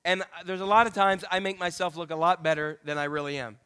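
A middle-aged male pastor preaching a candid, self-deprecating sermon full of jokey asides and sudden high exclamations. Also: steady tone, fast, sharp tone, clean tone. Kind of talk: humorous conversational sermon.

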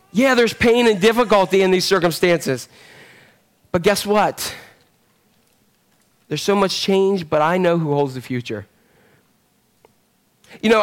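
High-voiced, chatty male preacher. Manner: conversational, rambling with fillers and restarts; animated storytelling. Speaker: pastor. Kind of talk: sermon.

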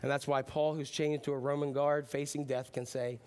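Man preaching, loud then hushed. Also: mid-range voice, level tone, normal speed. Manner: swings between loud preaching and soft hushed asides; casual and chatty, with frequent ums. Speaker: pastor. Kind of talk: sermon.

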